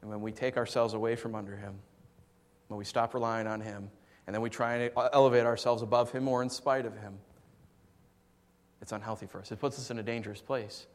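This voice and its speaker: A man preaching a sermon, swinging from soft, low asides to loud, emphatic passages and telling stories in a conversational way. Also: steady tone, fairly quick. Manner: conversational storytelling with fillers. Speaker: pastor. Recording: long hall reverb.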